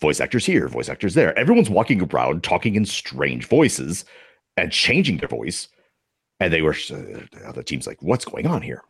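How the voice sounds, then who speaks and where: Husky, playful male co-host. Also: very deep voice, wildly swooping pitch, moderate pace. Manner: jokey, playful. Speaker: podcast co-host. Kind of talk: casual chat.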